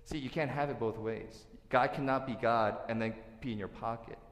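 A man preaching a sermon as pastor, earnest, dropping to soft asides and then rising to loud, emphatic points. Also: mid-range voice, fairly even intonation, normal speed. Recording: echoey hall with long reverb.

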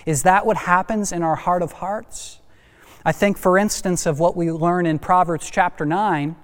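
A male pastor preaching a sermon, asking rhetorical questions and building to animated emphasis, in a church sanctuary. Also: high voice, moderate pace. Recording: long hall reverb.

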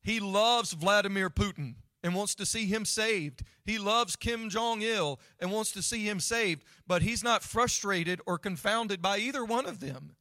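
A man's voice: high voice, unhurried, few pauses, sharp tone, no room sound, studio quality. A man preaching a sermon in a conversational way, asking his listeners questions. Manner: conversational, asks the audience questions. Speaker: pastor.

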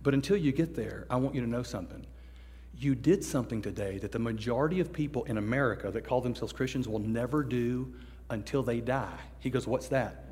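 A man preaching a story-driven sermon as a youth pastor, acting out voices and swinging from hushed to loud. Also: medium pitch. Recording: long echo of a large hall.

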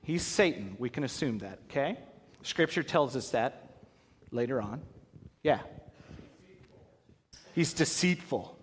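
A man leads a Bible lesson before a gathered audience, quizzing them and acting out the characters as he goes. His voice swings widely in pitch, and it rings with the long reverb of a large hall. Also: takes it slowly, long pauses, a little hiss or hum. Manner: animated, acts out voices, asks the audience questions. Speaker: pastor.

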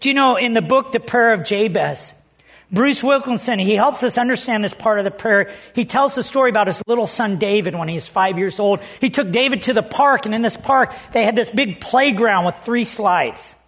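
High-voiced pastor preaching conversationally. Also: male voice, moderate pace, a bit bright. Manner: conversational storytelling, earnest. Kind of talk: sermon.

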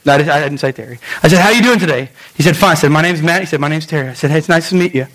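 A man pastor preaching a sermon in a lively storytelling way, acting out voices and making quick asides. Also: on the high side, a little hiss or hum, poor audio.

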